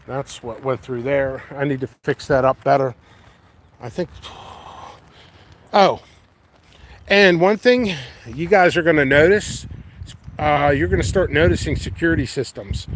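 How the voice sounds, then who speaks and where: A man hosting a casual walking vlog in his windy backyard, rambling easily and thinking aloud. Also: mid-range voice. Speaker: pepper grower and channel host. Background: light wind and outdoor noise.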